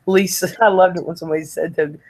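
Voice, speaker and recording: A woman's voice: fairly low pitch, steady tone, quick pace, darkish tone, slight background noise. Teasing laughing woman host. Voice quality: laughs often, playful teasing. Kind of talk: casual live-stream chat reading comments.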